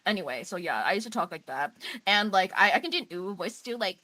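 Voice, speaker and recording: Giggly, animated young streamer woman. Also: medium pitch, quick pace. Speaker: vtuber streamer. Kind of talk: casual chat.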